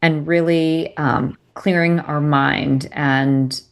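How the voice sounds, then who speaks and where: A woman on a podcast answering the host in a calm, thoughtful way. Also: sits low, slow, creaky. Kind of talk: casual chat.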